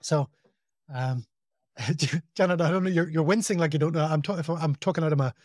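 A man talking casually as a podcast guest, telling work stories in a relaxed, self-deprecating way. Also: on the high side, a little fast, dry recording, clean studio sound. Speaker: podcast guest, project implementation consultant. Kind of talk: casual conversational interview.

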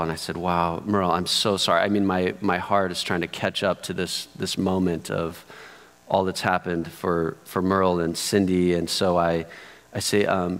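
A man preaching a sermon as a pastor. He tells a story softly and then moves into animated teaching. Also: deep voice. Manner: slow, soft-spoken storytelling that rises to animated teaching. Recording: long hall reverb.

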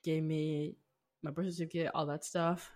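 A man's voice: fairly high pitch, level tone, normal speed, darkish tone. A young man, a podcast guest, telling personal stories with animation and acting out family dialogue. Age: young adult. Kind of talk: podcast interview storytelling.

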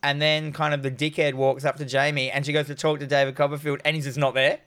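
A man's voice: a little high, level tone, fast talker, a bit bright, smooth. A man casually recapping a movie with a co-host, crude and joking, acting out the characters' lines. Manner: crude, joking, retells scenes in quoted voices. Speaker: podcast co-host.

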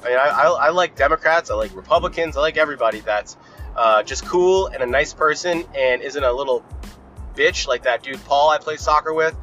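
A man's voice: fairly high pitch, a little fast, a bit bright, faint music behind, rough recording. A young man hosting a podcast, ranting in a casual, profane, rambling and opinionated way. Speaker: podcast host.

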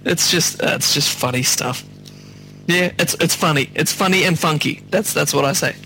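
Enthusiastic male co-host, higher-pitched bright voice, laughs a lot. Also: normal speed, creaky, slight background noise, low-quality recording. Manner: giggly and enthusiastic. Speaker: podcast co-host. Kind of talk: casual music review chat.

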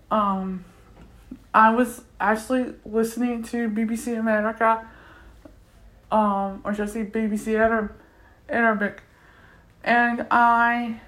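A woman talking casually about a language course she enjoys, with plenty of fillers and restarts. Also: on the high side. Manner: chatty, many fillers and restarts. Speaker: language learner reviewing a course. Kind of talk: casual spoken review.

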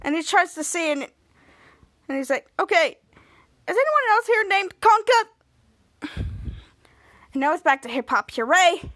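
High-voiced woman recapping a show. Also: unhurried, pauses often. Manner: acts out characters' lines with lively voices. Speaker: podcast host. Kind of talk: casual episode recap.

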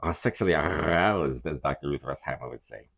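A middle-aged man co-hosting a casual podcast, joking and swearing, often dropping into a mock-deep seductive voice. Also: brisk, gravelly, a bit bright. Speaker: podcast co-host. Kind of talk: casual chat.

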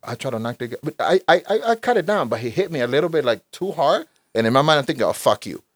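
A man in his forties, a guest in casual conversation, telling stories in an animated, profane way and saying "bro" constantly. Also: fairly high pitch, racing, no echo, clean studio sound. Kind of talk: casual storytelling.

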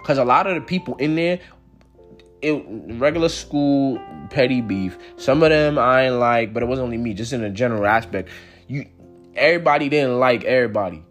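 A young man, telling a casual personal story in slangy, profane speech with big swings in pitch. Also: brisk, faint music behind.

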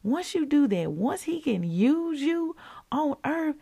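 A woman hosting a daily devotional podcast, teaching in a lively, chatty way and calling listeners y'all. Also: sits high, slow, creaky. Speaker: podcast host.

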